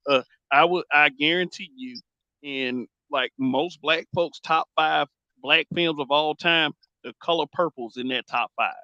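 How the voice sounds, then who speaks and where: A man's voice: fairly high pitch, a little slow, pushed and bright, no echo, dull audio. A man hosting a casual podcast, talking bluntly and emphatically, repeating phrases as he builds his points. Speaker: host.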